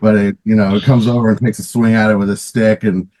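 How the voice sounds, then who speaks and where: A middle-aged man with a somewhat low voice reminisces in a loose, rambling way. He restarts his sentences, fills gaps with ums and you-knows, and chuckles as he goes. It is a relaxed interview with a former player. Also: quick pace, poor audio. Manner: rambling, many restarts and fillers, laughs often. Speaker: guest, former pro roller hockey player. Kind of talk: casual interview storytelling.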